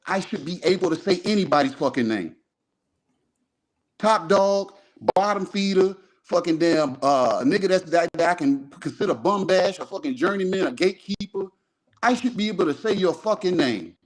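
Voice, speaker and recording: A man's voice: high-pitched, moderate pace. Heated, profane man arguing sports. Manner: profane, animated, repeats himself. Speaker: podcast co-host.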